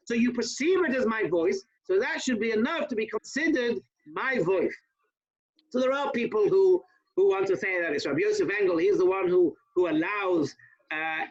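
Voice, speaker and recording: A man, a rabbi, teaching an informal class over a video call, talking fast with chatty asides to his listeners. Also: sits high, dull audio.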